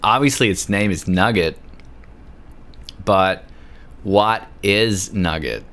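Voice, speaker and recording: A man's voice: lowish voice, slow, fairly bright tone. A drunk Australian man livestreaming a game, chatting in a rambling, sweary, giggly way. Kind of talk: casual chat while gaming.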